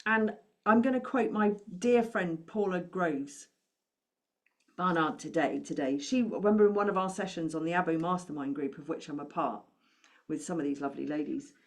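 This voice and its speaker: A woman's voice: on the low side, normal speed. A woman speaking as a money coach, giving an encouraging talk to camera and asking the listener questions.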